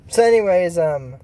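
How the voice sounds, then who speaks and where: A man casually recapping a cartoon episode, rambling with many fillers and joking asides. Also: high-pitched. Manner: rambling, filler-heavy, excitable, jokey asides. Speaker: YouTube cartoon commentator.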